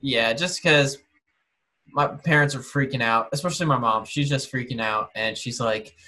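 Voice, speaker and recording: A man with a bright, slightly tense voice co-hosts a casual podcast chat. He rambles loosely through a story, full of fillers, and slips into imitations of the people in it. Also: medium pitch, moderate pace. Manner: relaxed storytelling with fillers and mimicry. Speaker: podcast co-host.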